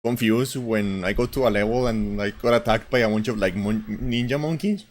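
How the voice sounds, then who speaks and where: A man's voice: lowish voice, normal speed, a little hiss or hum. A man streaming and chatting casually, joking and teasing his co-host. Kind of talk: casual chat.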